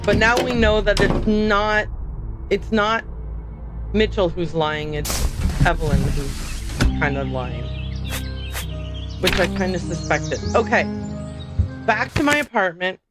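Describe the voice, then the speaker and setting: A woman's voice: mid-range voice, takes it slowly, pauses often. A woman streamer chatting casually while playing a game, thinking aloud and poking fun at herself. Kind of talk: casual gameplay livestream commentary. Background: game music.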